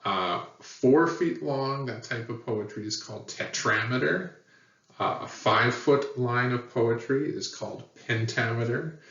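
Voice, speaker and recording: A man teaching a lesson in a plain, patient way, pausing often with fillers. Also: mid-range voice, fairly bright tone. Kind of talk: explanatory lecture. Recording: echoey, dull, far from mic.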